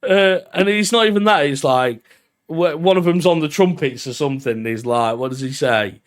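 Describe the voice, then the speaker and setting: A man's voice: on the high side, moderate pace. A man co-hosting a podcast in casual chat, laid-back and sweary, who laughs often. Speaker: podcast co-host.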